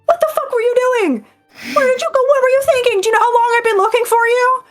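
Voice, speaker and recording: A woman voicing an emotional young man who shouts through tears. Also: very high-pitched, soft background music, voice pushed up. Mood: frantic. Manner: shouting in rapid bursts.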